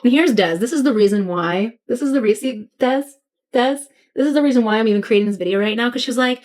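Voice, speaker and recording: A woman's voice: on the high side, fast talker, darkish tone. A woman vlogging casually at her computer, rambling candidly and swearing now and then. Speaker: vlogger, head of social media. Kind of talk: casual vlog chat. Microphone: computer camera.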